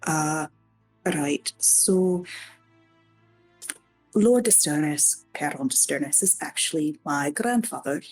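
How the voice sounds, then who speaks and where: A woman playing a tabletop game, talking in a hesitant, halting way. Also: low-pitched, animated, breathy edge, faint music behind. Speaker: player. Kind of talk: casual tabletop play.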